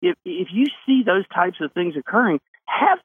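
A man's voice: high-pitched, big pitch swings, normal speed, a little hiss or hum. A man, a state lawmaker calling into a radio talk show, speaking emphatically and answering his own rhetorical questions. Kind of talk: radio call-in interview. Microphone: phone. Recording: phone line into a radio show.

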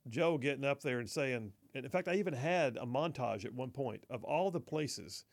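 Gravelly, wry talk radio host. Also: male voice, mid-range voice, animated, normal speed. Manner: wry, chatty, reads listener texts and laughs along. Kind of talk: casual talk radio commentary.

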